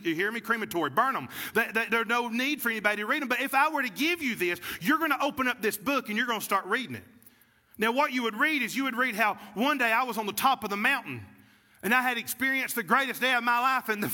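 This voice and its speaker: A high-pitched man with a very bright, cutting voice preaches a sermon. He tells a story, then rises into fervent preaching. The long reverb of the church sanctuary trails after his words. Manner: storytelling, builds to preaching fervor. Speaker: pastor.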